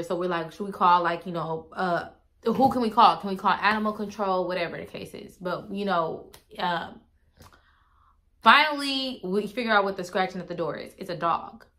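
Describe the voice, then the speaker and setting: Bright-voiced woman telling a storytime. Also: medium pitch. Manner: animated, swearing, chatty asides to viewers. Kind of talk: casual storytime.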